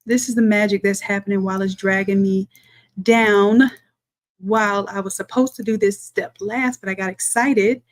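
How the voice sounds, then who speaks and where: A woman, a design instructor chatting through a live-streamed software tutorial, talking to viewers as y'all and thinking aloud as she works. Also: mid-range voice, fairly even intonation, normal speed.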